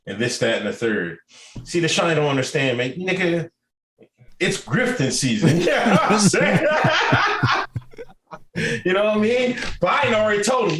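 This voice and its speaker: A man's voice: fairly high pitch, animated, normal speed, a bit bright. A man co-hosting a podcast, talking loosely and profanely and laughing often. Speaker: podcast co-host. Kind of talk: casual chat. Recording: echoey room with faint noise.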